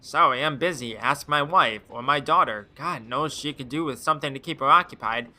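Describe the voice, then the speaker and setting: A man's voice: mid-range voice, brisk, sharp tone. A man voicing a haughty, condescending male scholar in a game. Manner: dismissive, condescending.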